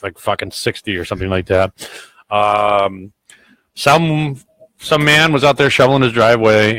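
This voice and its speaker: Dude hosting a podcast, cusses nonstop, rambly, gets loud telling a story, dead dry sound. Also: male voice, fairly low pitch, dry recording, poor audio. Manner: heavy swearing, blunt and rambling; grows loud and heated when retelling arguments. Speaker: podcast host. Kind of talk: casual storytelling chat.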